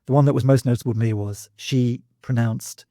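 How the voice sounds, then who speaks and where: A man's voice: mid-range voice, steady tone, a little fast, dark tone, dry recording, studio quality. A man co-hosting a university podcast, thinking aloud in casual academic chat with many restarts. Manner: thoughtful, hesitant, many restarts. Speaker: podcast co-host.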